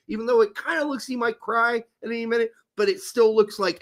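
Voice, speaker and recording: A man's voice: very high-pitched, fairly quick, few pauses. A man hosting a casual sports talk show, ranting in a heated, profane way. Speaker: podcast host.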